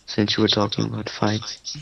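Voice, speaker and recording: A man's voice: fairly low pitch, completely flat delivery, moderate pace, vocal fry, bright, forceful tone, muffled recording, slight background noise. A man chiming in with laid-back, dry remarks during a friend's gameplay. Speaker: friend commenting along. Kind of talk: casual gameplay banter.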